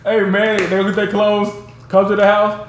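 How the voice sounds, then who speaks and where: A man hosting his own show, telling rambling, animated stories about backyard games and peppering them with "you know what I'm saying". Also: high voice, moderate pace, roomy sound, a little hiss or hum. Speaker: show host. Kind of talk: casual storytelling.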